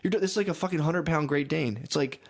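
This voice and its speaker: A man's voice: fairly high pitch, quick pace. A young man co-hosting a podcast, talking casually and defensively with a lot of profanity, often acting out quotes as he rambles. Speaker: podcast co-host. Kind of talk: casual chat.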